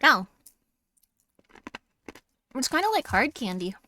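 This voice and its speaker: A woman's voice: sits high, big pitch swings, takes it slowly, bright, forceful tone. A young woman streaming horror games, chatting casually in a bubbly, giggly, rambling way. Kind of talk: casual live-stream chat.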